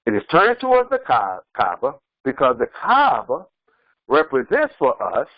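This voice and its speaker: A man's voice: medium pitch, huge pitch swings, measured pace, no echo, lo-fi sound. A man preaching as an imam, emphatic and repetitive, often restarting his words mid-sentence. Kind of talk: sermon.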